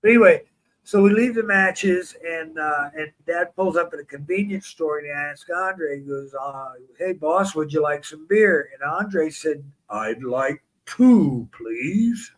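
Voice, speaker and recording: Animated storyteller man. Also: fairly high pitch, moderate pace, low-quality recording. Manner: animated storyteller, acts out voices. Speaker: interview guest. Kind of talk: storytelling interview.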